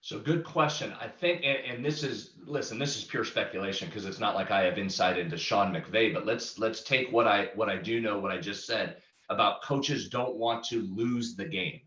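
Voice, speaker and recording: A man hosting a betting podcast, reasoning aloud in casual chat with quick bursts of speculation. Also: lowish voice, sharp tone. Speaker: podcast host, betting analyst. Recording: roomy, slightly dull sound.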